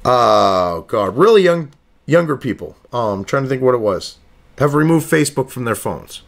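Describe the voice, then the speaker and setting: A man's voice: medium pitch, expressive, normal speed, vocal fry. A man giving profane political commentary, ranting sarcastically and reading news excerpts aloud between crude asides.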